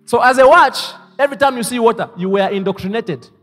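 A man preaching a sermon as pastor, leading the congregation to repeat his lines and moving between hushed asides and loud exclamations. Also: very high-pitched, fast, soft background music. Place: church hall. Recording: reverberant church hall.

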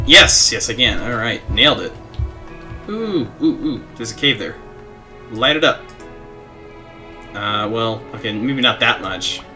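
Young man, gaming commentary, excitable, bright tone, quiet game music underneath. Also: medium pitch, unhurried, long pauses. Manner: excitable, reads game text aloud, laughs at himself. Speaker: gaming streamer. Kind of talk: casual let's play commentary. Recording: faint game music behind.

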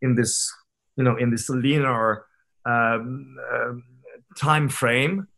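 A man over thirty talks as a podcast guest, working through his stories in a loose, candid way. He circles back often with fillers and half-started words, and his pitch sits in an ordinary middle range. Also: fairly even intonation, slow pace, gravelly, bright, forceful tone. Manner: candid, reflective storytelling with frequent fillers and restarts. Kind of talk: casual conversational interview.

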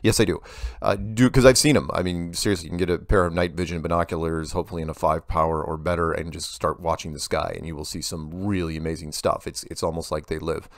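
A man's voice: sits low, steady tone, fast talker, no echo, studio quality. A man hosting a casual Q&A, reading viewer emails aloud and answering them in a rambling way that often breaks off and restarts. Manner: rambling, self-interrupting, restarts sentences. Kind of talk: casual Q&A monologue.

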